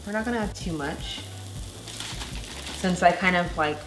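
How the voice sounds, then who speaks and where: A young woman hosting a casual cooking vlog, chatting warmly as she cooks and tastes food with bubbly enthusiasm. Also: lowish voice, unhurried. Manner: bubbly, enthusiastic, tasting aloud. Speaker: cooking vlogger.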